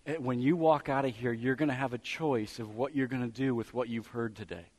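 A man's voice: medium pitch, fairly even intonation, brisk, a little mellow. A man preaching a sermon as pastor, building emphasis through repetition.

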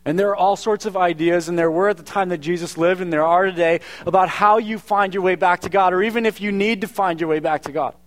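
A man's voice: sits high, fairly even intonation, fast, hardly any pauses. A man preaching a sermon to his congregation in an earnest, conversational way, often restarting his words. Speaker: pastor.

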